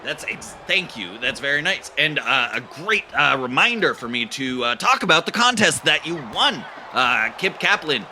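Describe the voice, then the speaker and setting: Animated, rambling man commentator. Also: on the high side, moderate pace, few pauses. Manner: deadpan, rambling, full of fillers. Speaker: play-by-play commentator. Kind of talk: improvised comedy wrestling commentary. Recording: noisy background.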